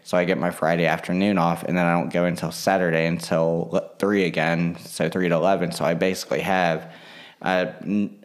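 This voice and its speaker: A man's voice: low-pitched, little pitch movement, fairly quick. A man in a casual vlog monologue, rambling with lots of fillers and restarts.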